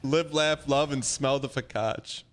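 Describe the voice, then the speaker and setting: A man in his thirties hosting a livestream, talking in a rambling, animated, mock-defensive way. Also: mid-range voice, a little slow, slight background noise. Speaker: livestream host. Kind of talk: casual chat.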